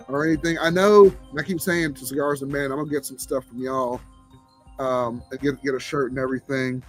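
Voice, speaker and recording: A man's voice: mid-range voice, steady tone, a little fast. A man with a Southern drawl hosting a casual livestream chat, laid-back and chuckling as he greets viewers. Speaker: livestream host. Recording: faint background music.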